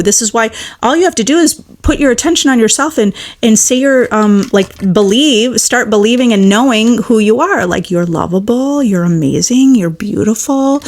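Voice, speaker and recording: A woman manifestation coach on a live stream, reading viewer comments and encouraging listeners with repeated affirmations in a casual, chatty way. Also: fairly high pitch.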